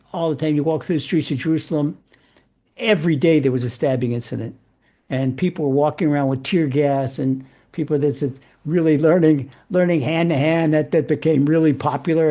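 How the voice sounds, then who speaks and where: Animated man giving a storytelling lecture. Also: fairly high pitch. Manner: animated, repeats and restarts words often. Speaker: rabbi. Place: room with a live audience.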